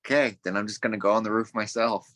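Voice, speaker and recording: A man playing in a tabletop game, talking in an unhurried, hesitant way with fillers. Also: on the low side, steady tone, fairly bright tone, no echo. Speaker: player. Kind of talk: casual tabletop play.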